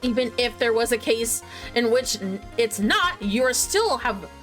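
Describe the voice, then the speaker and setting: A woman voicing an arrogant, cold male prosecutor who makes sharp, dismissive objections. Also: fairly high pitch, lively intonation, unhurried, faint music behind. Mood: haughty.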